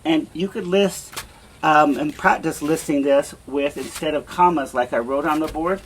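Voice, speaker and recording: A man teaching a beginner language lesson in a classroom, patiently repeating example phrases slowly. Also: fairly high pitch, slight background noise. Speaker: Spanish teacher.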